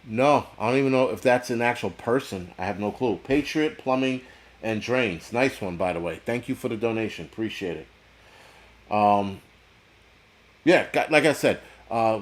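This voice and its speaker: Brief: crude, rambling male livestream host, low-pitched, swears nonstop, chats with viewers. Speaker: livestream host reading chat. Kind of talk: casual profane livestream rant.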